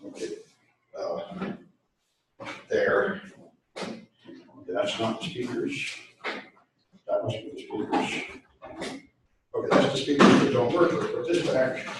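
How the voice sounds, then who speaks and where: A man's voice: mid-range voice, sing-song, slow pace, gravelly, pauses often, background noise. A man lecturing a college class, talking to himself casually as he tries to get the speakers and projector working. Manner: casual, muttering while he fiddles with gear. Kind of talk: talking to himself while setting up class equipment. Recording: echoey classroom, voice far from mic.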